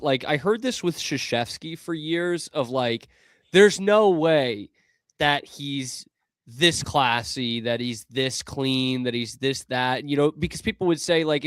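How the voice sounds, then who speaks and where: A man's voice: on the high side, fairly bright tone, no room sound, clean studio sound. A man co-hosting a sports talk show, chatting casually with frequent filler words. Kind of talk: casual sports radio chat.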